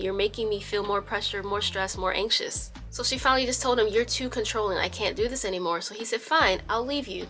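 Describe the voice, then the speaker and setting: A woman's voice: medium pitch, pushed and bright. A woman hosting a casual storytime video, retelling a viewer's story with blunt, sassy asides and free swearing. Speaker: YouTube storytime host.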